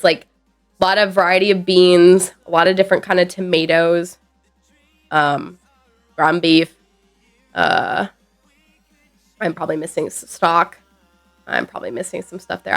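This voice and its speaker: A woman streaming live, chatting loosely and answering her chat with playful asides. Her voice sits fairly low and carries a lot of vocal fry. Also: normal speed, pauses often, faint music behind. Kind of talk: casual chat with viewers.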